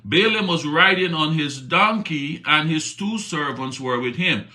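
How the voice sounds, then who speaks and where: A man's voice: on the high side, animated, measured pace, sharp tone, reverberant. A man giving a morning devotional talk, retelling a Bible story in a conversational, slangy way and checking in with "right?". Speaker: preacher.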